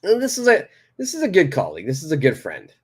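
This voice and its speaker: A man's voice: fairly high pitch, wildly swooping pitch, quick pace, breathy edge. A man teaching an English lesson, patiently explaining phrases and repeating examples aloud. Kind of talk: live online grammar lesson.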